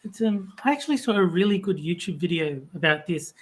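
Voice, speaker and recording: A podcast co-host with a mid-pitched voice talks casually, telling a story with dry, sardonic humor. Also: expressive, brisk. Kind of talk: casual chat.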